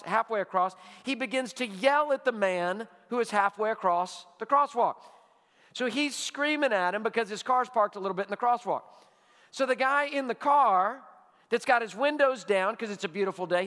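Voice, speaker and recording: A man preaching a sermon as pastor, telling stories with animation and dropping to a hush for emphasis. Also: extremely high pitch, in a large hall. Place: church sanctuary.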